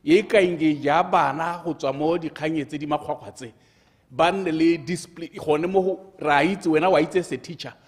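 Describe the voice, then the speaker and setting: Man, member of parliament, higher pitch, pressing questions, reverberant parliament chamber. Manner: pressing, mixes local language with English terms.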